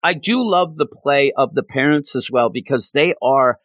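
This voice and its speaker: A man's voice: medium pitch, normal speed, dry recording. A man co-hosting a casual podcast chat, eagerly retelling comic scenes and acting out the characters' lines. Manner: animated, acts out characters' lines while retelling. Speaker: podcast co-host.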